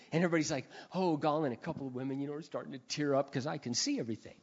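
A man preaching a sermon, telling stories with big swings between quiet and shouted passages. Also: fairly high pitch, racing, slightly rough. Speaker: pastor. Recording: dull sound with long hall reverb.

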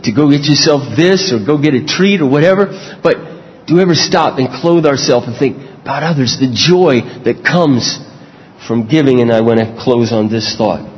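A man preaching a sermon, telling personal stories with earnest, lively delivery. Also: long reverb tail, rough recording. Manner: storytelling, earnest, lively swings in pitch. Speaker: pastor.

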